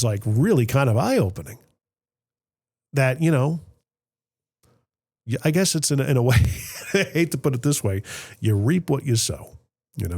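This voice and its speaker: A man hosting a podcast, telling a personal family story in a reflective, emotional way, often trailing off softly, with a Middle Tennessee accent. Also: on the low side, slightly rough, dry recording. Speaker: podcast host. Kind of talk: candid conversational storytelling.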